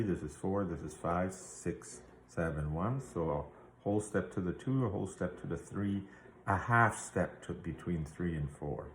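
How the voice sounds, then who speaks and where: A man's voice: sits low, reverberant, a little hiss or hum. A man teaching a guitar theory lesson, explaining patiently step by step and checking in with the listener. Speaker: music teacher.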